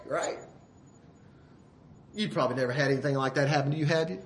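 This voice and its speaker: A male preacher delivers a sermon in a high voice with a bright, forceful edge. His talk is folksy and full of rhetorical questions to the listeners. He stops often to clear his throat. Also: huge pitch swings, moderate pace, pauses often.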